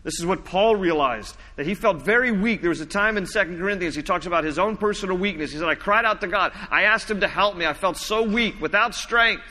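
Bright-voiced pastor preaching in a hall. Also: male voice. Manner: teaching, reads scripture slowly, drops low and soft for emphasis. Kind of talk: sermon.

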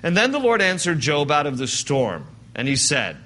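Casting: male pastor, sermon delivery, bright and forceful voice, fairly high pitch, casual and wry. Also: wildly swooping pitch, moderate pace, hardly any pauses. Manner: conversational, joking, acts out quoted lines.

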